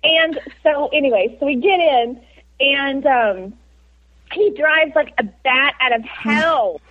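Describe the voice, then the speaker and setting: A high-pitched woman rambles through a story, with frequent giggles. Her voice sits well above most women's. The sound is muffled and lo-fi. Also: slow. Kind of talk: casual storytelling chat. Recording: dull lo-fi sound.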